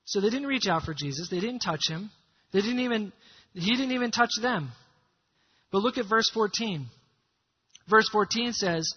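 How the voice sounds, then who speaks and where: A man preaching a sermon, telling stories dramatically and swinging from hushed lines to loud calls. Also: sits high, lively intonation, moderate pace, long pauses, breathy edge, muffled recording. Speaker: pastor.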